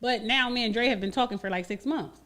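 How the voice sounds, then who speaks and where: A woman co-hosting a radio talk show, telling stories in a blunt, profane, animated way. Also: fairly high pitch, fast. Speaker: radio co-host. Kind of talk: casual chat.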